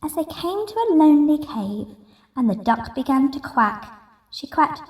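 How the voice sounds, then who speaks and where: A woman reading a picture book aloud in an expressive, rhythmic way. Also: high voice, normal speed. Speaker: masked story reader. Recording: roomy echo, distant mic.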